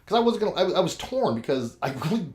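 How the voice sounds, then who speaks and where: A man's voice: a little high, fast talker. A man, a show regular with kids, telling a rambling, swear-filled story in casual chat and acting out what people said. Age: adult with kids. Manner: profane, animated storyteller, acts out quotes. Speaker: podcast co-host.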